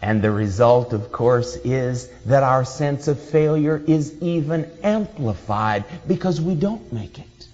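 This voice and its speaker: A man's voice: mid-range voice, unhurried, few pauses. A man preaching a sermon, acting out the voices he quotes along the way. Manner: expressive, acts out quoted voices with laughter. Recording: dull hall reverb.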